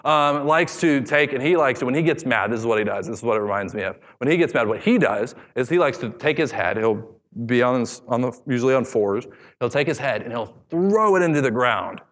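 A man in his thirties preaching a sermon as pastor, animated and acting out voices from scripture. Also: medium pitch, a little fast. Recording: long hall reverb.

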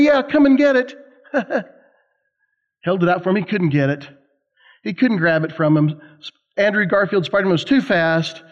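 A man preaching a sermon to college students, telling stories in an animated, emphatic way with conversational asides. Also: high voice. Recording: slightly dull lo-fi sound.

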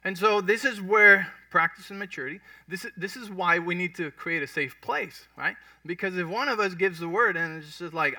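A man's voice: high-pitched, normal speed, hardly any pauses, sharp tone, no echo, far from the mic. A man preaching a sermon in a conversational way, often checking in with his congregation. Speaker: pastor. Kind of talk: sermon teaching.

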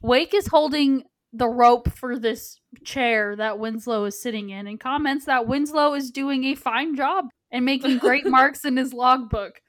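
A woman's voice: high voice, measured pace, few pauses, a bit bright, no room sound. A woman co-hosting a casual film podcast, retelling scenes in a chatty way with lots of fillers. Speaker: podcast co-host. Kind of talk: casual chat recapping a film.

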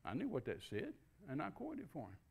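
An older man with a gravelly, fry-laden voice tells a personal faith story. He sits a little higher than most men in pitch and acts out each quoted exchange as he goes. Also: wildly swooping pitch, brisk, phone-quality sound. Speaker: guest preacher. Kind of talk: storytelling testimony.

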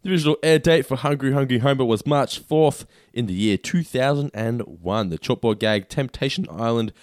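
A man's voice: medium pitch, brisk, darkish tone, no room sound, studio quality. A man co-hosting a podcast, teasing his partner and swearing casually. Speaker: podcast co-host.

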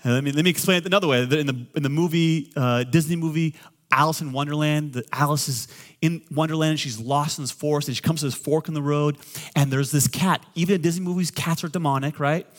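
Joking pastor preaching a sermon. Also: male voice, fairly high pitch, fairly even intonation, fast talker. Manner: joking asides, swings between loud and quiet.

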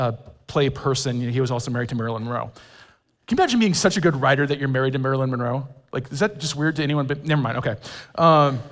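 Chatty male pastor in an echoing hall. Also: medium pitch. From California. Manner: conversational preaching with asides and humor. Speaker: men's pastor. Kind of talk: sermon. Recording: long reverb of a large hall.

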